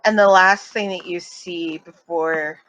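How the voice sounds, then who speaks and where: Slow-paced woman narrating as game master. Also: fairly low pitch, steady tone, a bit bright, slight background noise, low-quality recording. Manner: vivid descriptive narration with fillers. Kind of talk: narrating a tabletop role-playing game.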